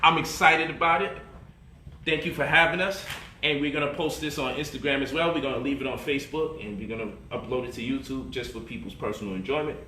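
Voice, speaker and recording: A man's voice: medium pitch, steady tone, fast, sharp tone, slight background noise. A man hosting a casual home cooking vlog in his kitchen, playful and teasing as he coos at his baby daughter. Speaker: cooking show host.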